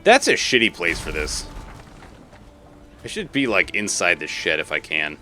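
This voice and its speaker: A man from Massachusetts rambles through a casual gaming stream, laughing and cursing as he goes. His fairly low voice swings widely in pitch and has a bright, forward edge. Faint game music plays underneath. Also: wildly swooping pitch, normal speed. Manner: rambling, swearing, laughing, chatty. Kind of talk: casual live-stream chat while gaming.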